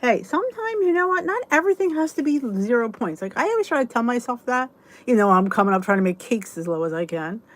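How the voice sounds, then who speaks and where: A woman's voice: a little high, sing-song, fast. A woman hosting a casual livestream chat, greeting viewers by name and rambling through chatty asides. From United States. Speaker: livestream host.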